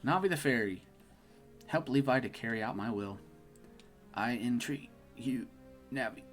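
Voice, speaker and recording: A man's voice: mid-range voice, unhurried, soft background music, lightly acted. A man reading aloud the solemn lines of an ancient, dying male tree spirit while playing a game.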